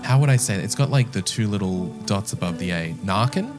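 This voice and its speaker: A man with a low voice talks through a game in a loose, rambling way. He teases himself and chats to the characters on screen, and his pitch swings widely. Faint music plays beneath him. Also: animated, fast talker. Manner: rambling, self-mocking, chatty with game characters. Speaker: gameplay commentator. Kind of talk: casual let's-play commentary.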